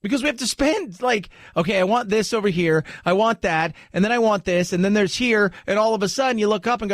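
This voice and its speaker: A man hosting a talk radio show, commenting in an animated, rambling way with restarts. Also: high-pitched, fast, hardly any pauses, dry recording, studio quality.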